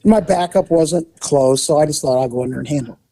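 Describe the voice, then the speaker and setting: A man's voice: a little high, a little fast, warm tone, no echo. A man who was a police officer, casually telling a story and acting out voices and sound effects.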